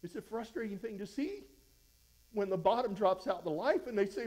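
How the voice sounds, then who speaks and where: A pastor preaches verse by verse in a high-pitched, darkish voice with lively intonation and a moderate pace, captured on a rough recording. He's fervent and exhorting yet conversational, restarting often, and his voice rises when he gets fired up.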